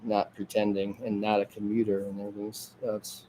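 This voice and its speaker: A man's voice: lowish voice, completely flat delivery, brisk, mellow, slight background noise. Rambling, chuckling man from Detroit. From Detroit area, Michigan. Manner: digressive, chuckling often, trailing off and restarting. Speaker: host of a homemade magazine show. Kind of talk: rambling casual monologue.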